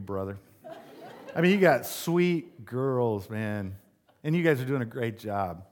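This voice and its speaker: A man pastor giving a conversational sermon, telling stories and getting more animated as he goes. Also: unhurried. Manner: conversational preaching, storytelling, rises in pitch when animated.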